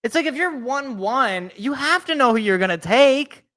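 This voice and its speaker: High, bright-voiced man doing casual live reaction commentary. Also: lively intonation, moderate pace. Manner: chatty, thinks aloud, chuckles to himself. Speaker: host of a live draft reaction stream.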